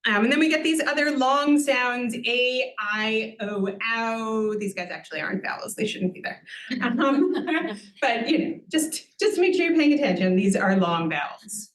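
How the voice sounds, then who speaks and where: A woman's voice: high voice, big pitch swings, normal speed, roomy sound. A woman giving an introductory Sanskrit lesson to an audience at a university event, patiently explaining and often asking "right?" with a light humorous touch. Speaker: Sanskrit teacher.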